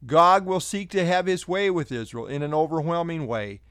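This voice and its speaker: A man giving a scripted Bible teaching, deliberate and emphatic, slowing down to stress key phrases. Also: on the high side, fairly bright tone, no room sound, studio quality.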